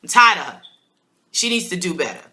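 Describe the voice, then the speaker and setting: This TV review host is a New York woman whose fairly low voice moves a little fast. Her casual recap is animated and punctuated by laughs, loaded with strong opinions and slang.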